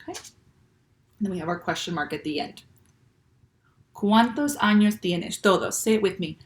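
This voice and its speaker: A woman teaching young children, speaking slowly and clearly and checking often with "okay?". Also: lowish voice. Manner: patient, slow and clear, with many "okay?" checks. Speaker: Spanish teacher. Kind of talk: classroom lesson for children.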